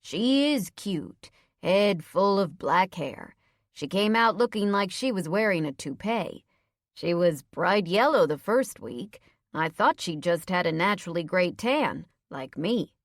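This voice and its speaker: A woman voicing a friendly male police officer and new father who talks slowly and gently, with a dry wry edge. He sounds in the middle of the range, close and dry. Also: lowish voice, lively intonation, no echo. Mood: fond. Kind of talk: audiobook character voice.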